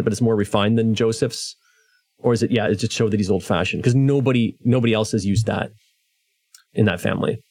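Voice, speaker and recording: A man's voice: mid-range voice, darkish tone, no echo. A man in a casual book discussion, chatty and questioning, with stammering restarts. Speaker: podcast co-host.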